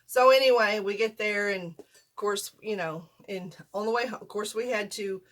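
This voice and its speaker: A woman's voice: medium pitch, moderate pace. An older woman, rambling through a folksy, self-deprecating storytime vlog at home. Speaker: vlogger. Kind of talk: casual storytime.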